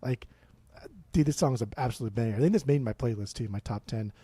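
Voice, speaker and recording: A man's voice: mid-range voice, quick pace, warm tone, husky, dry recording. A man co-hosting a casual music podcast, blunt and swearing, with many restarts. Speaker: podcast co-host.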